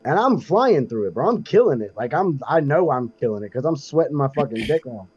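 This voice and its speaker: A man's voice: medium pitch, very animated, fairly quick, crowd noise. Give me a man co-hosting a casual podcast, telling a crude, boastful story about work. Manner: crude, boastful, laid-back. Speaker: podcast co-host. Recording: dull, dry, lo-fi sound.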